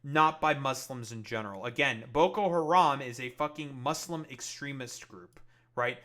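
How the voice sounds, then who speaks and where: A man's voice: mid-range voice, moderate pace, sharp tone. A man giving angry, profane reaction commentary on political clips, full of fillers and curses. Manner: angry, swearing, many fillers. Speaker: political streamer.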